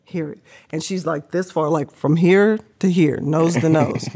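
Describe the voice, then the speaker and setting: A middle-aged woman, a podcast guest, telling an animated story, laughing often and acting out the voices of people she quotes. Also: low voice, measured pace, slightly rough.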